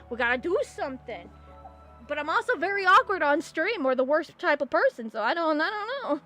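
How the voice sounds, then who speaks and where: Excitable young woman streamer, squealing. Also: high-pitched. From California. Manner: excitable, giggly, rambling with sudden squeals. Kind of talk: casual chat while drawing on stream. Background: faint music.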